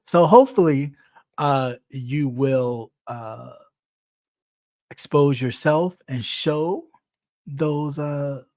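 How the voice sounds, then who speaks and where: This is a casual gossip commentator talking straight into a close microphone. The delivery is blunt, teasing and full of profanity, with laughter breaking in often. The room sound is dry and the pitch sits in the middle. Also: drawn-out words, pauses often, a little mellow, dry recording. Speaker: online commentator.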